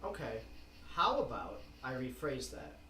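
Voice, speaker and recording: A man's voice: medium pitch, wildly swooping pitch, a little slow, pushed and bright, roomy sound, recorded from a distance, slight background noise, rough recording. A man running a tabletop game as game master, with a dry, teasing way of talking.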